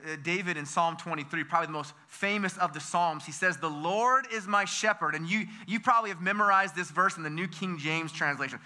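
A man from the United States preaching a sermon as pastor, energetic and full of questions to the congregation, often repeating and restarting his words. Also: high voice, fairly quick.

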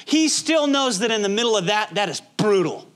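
A man's voice: high voice, lively intonation, brisk, a bit bright. A male pastor preaching a sermon in a conversational, emphatic way, with many rhetorical questions.

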